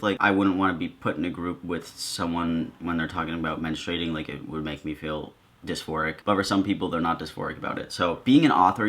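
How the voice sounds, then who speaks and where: A man's voice: sits low, fairly bright tone. A man talking casually to his viewers in a commentary vlog, with a sarcastic, joking manner. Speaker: video creator.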